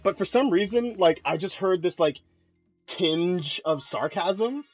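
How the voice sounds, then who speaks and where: Animated laughing young man, lo-fi stream. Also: sits high, measured pace, dry recording. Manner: laughing, animated storytelling with voice impressions. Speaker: stream co-host. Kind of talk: casual gaming chat. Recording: dull lo-fi stream audio with faint music.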